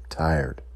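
A man giving an impassioned, emotional speech, weary and close to tears, pausing to collect himself. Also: no echo. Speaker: speaker addressing listeners.

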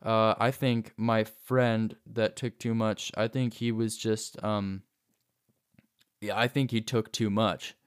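A man's voice: on the low side, little pitch movement, slow pace, clean tone. A young man telling a personal story casually, rambling with many restarts and fillers.

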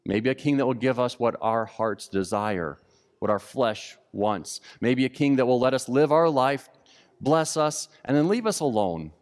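A man delivers a sermon at middle pitch, his voice trailing into a long hall reverb. He shifts his delivery to act out the outraged crowds, then drops low and quiet for the earnest points. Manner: animated, acts out indignant voices of the crowds. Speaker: pastor.

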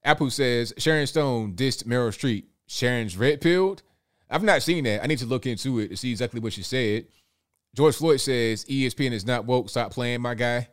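A man's voice: medium pitch, normal speed. A man hosting a live stream in a loose, chatty way, reading viewer messages, often repeating words and chuckling. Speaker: livestream host reading viewer super chats. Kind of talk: casual live-stream chat.

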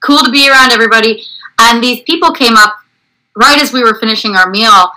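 A woman guest telling lively anecdotes in casual conversation, acting out quoted voices. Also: a little high, fairly quick, rough recording. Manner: animated storyteller, acts out quotes.

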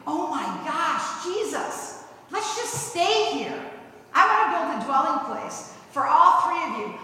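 A woman voicing an excited male disciple who gushes breathlessly, in an echoey church hall. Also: very high voice, measured pace, recorded from a distance, pitched above the performer's own voice, heavily acted. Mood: eager. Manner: breathless, gushing. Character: excited eager male disciple, middle-aged fisherman.

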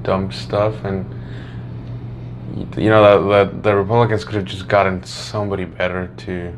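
Hesitant man with a lowish voice. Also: level tone, normal speed, a little hiss or hum. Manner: hesitant, hedging with fillers. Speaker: podcast co-host. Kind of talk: casual chat.

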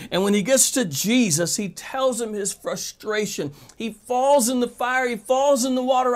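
A man's voice: very high-pitched, normal speed, few pauses. Guy preaching a sermon, emphatic, keeps asking the crowd questions. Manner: emphatic, addresses listeners directly with rhetorical questions.

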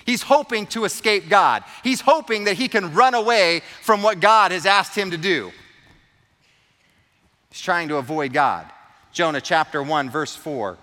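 A man's voice: high voice, lively intonation, unhurried, pushed and bright, in a large hall. A man preaching a sermon, retelling a story with earnest, emphatic repetition. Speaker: pastor.

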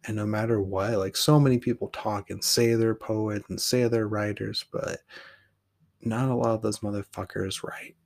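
Low-voiced man musing candidly. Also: fairly even intonation, moderate pace, vocal fry, a little mellow. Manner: candid, rambling, swears casually. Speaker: podcast host, poet. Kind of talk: reflective solo monologue.

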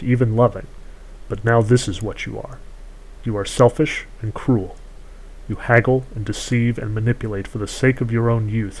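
A man's voice: lowish voice, a little mellow, husky, poor audio. A defiant young princess, proud and unbending, as a man reads her in a storybook. She speaks firmly and accuses without raising her voice much. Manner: firm, accusing.

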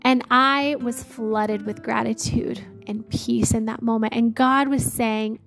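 Bubbly high-voiced woman telling a story. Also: slow, faint music behind. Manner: chatty, lots of "like", bursts of laughter; excitable, jumps up in pitch when thrilled. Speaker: vlogger. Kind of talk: casual storytelling to viewers.

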